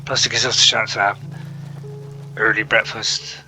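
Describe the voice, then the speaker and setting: Bright-voiced man chatting over a game. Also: lowish voice, flat delivery, moderate pace, soft background music, poor audio. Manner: chatty, joking asides. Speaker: gaming channel host. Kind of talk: casual game commentary. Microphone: console app chat mic.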